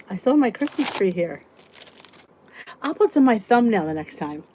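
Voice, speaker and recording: A woman's voice: medium pitch, big pitch swings, moderate pace, dark tone, slight background noise. Chatty woman hosting a live stream. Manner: chatty, answers viewers' comments, trails off and restarts. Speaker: weight-loss vlog host reading live chat. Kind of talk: casual live-stream chat.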